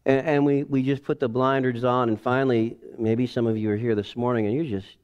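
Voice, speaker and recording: A man in his forties preaching a sermon in a casual, animated way, acting out family scenes. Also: mid-range voice, fairly quick, few pauses, smooth, highs cut off. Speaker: pastor. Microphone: headset or lapel mic.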